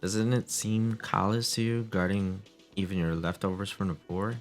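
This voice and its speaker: A brash, hard-drinking detective from a video game, voiced by a man. He sounds pushy and deadpan in a deep, low voice, with faint music underneath. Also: normal speed. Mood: probing. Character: boozy, brash male police detective. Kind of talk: reading game dialogue aloud.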